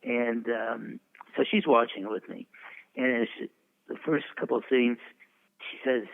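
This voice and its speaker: This chuckling storyteller is an eighty-something veteran publicist giving a rambling interview full of show-business anecdotes. He speaks at a measured pace with frequent pauses, his gravelly, fry-laden voice coming across a tinny phone-like line.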